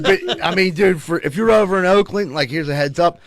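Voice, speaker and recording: A man's voice: sits high, brisk, few pauses, over a noisy crowd. A man from telling crude stories as a podcast co-host, rambling and profane, often asking "you know what I mean.". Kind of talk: casual crude storytelling.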